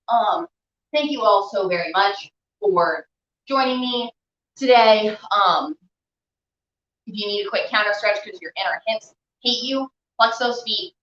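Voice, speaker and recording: A woman's voice: lowish voice, fairly bright tone, a little hiss or hum. A young woman teaching a stretching class, chatty and encouraging, a little out of breath as she holds the stretches. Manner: chatty, encouraging, filler-heavy. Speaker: stretching instructor. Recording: echoey room, dull lo-fi sound.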